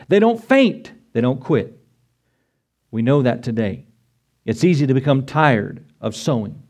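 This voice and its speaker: A middle-aged pastor giving a sermon, climbing to a high, urgent pitch as he presses his points and briefly acts out the voices of biblical figures. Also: a little mellow.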